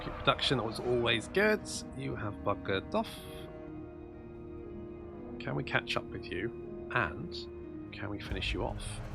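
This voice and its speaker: A man's voice: mid-range voice, sing-song, unhurried, vocal fry, pauses often, music in the background. A man commentating his own strategy game play, thinking aloud and muttering asides as he goes. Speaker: gameplay commentator.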